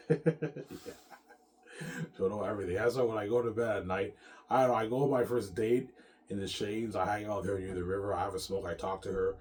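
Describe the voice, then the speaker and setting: Speaking in a somewhat low, slightly mellow tone, a man vlogs directly to his audience. His long monologue drifts around, heavy on swearing and repeated phrases, with "man" and "yeah" tacked onto his lines.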